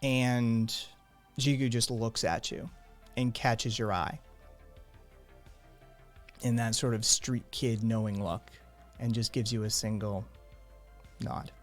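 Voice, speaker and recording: A man's voice: medium pitch, steady tone. Guy gm describing the scene, easygoing, some ums, faint music behind. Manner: descriptive, unhurried narration with hesitant fillers. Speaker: game master. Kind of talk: narrating a tabletop game.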